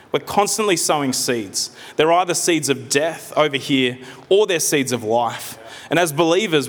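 A man preaching a sermon in a conversational way, with gentle humor and frequent restarts. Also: fairly high pitch. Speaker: pastor. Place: church hall. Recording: long hall reverb.

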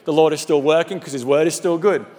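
A fast-talking male pastor with a high voice animates his sermon with humor, chatting to the congregation as though they were friends. The sound echoes away into the lengthy reverb of a large church hall.

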